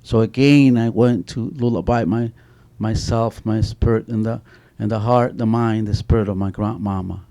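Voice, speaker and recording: A middle-aged man tells stories with animation on an author panel, restarting often and saying "you know" again and again. His voice is lowish, warm and steady, with some vocal fry, a moderate pace and few pauses.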